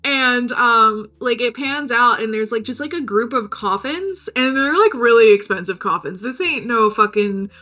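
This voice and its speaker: A woman hosting a podcast, recapping a film in a casual, sweary, animated way. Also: on the high side, moderate pace, hardly any pauses. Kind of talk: casual chat.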